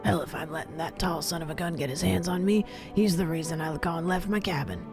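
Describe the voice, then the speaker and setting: A woman voicing a suspicious old male ranger in a game, in a low, rough half-whisper with a folksy drawl. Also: fairly quick, music in the background, lightly acted. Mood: gruff.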